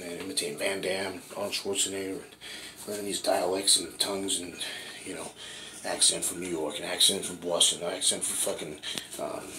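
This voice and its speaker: Low-voiced man telling a rambling story. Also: background noise. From Washington State, USA. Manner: rambling, swears a lot, keeps asking "right?". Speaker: actor and bodybuilder telling his story. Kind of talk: casual profane storytelling.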